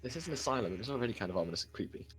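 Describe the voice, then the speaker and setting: A man playing a tabletop game, speaking quietly and hesitantly, with frequent stammers. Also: mid-range voice, sing-song, very fast, soft background music. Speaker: player. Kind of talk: casual game chat.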